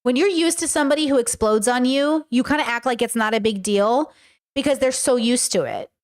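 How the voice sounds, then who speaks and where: A woman's voice: high-pitched, a little fast. A woman hosting a casual reaction commentary, talking bluntly and emphatically with a lot of swearing. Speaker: commentary host.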